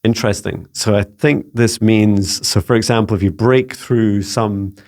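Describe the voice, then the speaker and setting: On the low side and darkish, with a steady tone and a slightly slow delivery, a Scottish psychic mentor speaks on the spiritual guidance channel he hosts. His casual, searching musings are full of "you know" and "um."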